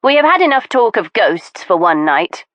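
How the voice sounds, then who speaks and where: A woman voicing a stubborn, sharp-tongued older aristocratic woman who snaps with scorn. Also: medium pitch, very animated, normal speed, no echo, pitched above the performer's own voice. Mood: scornful. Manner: scornful, snappish.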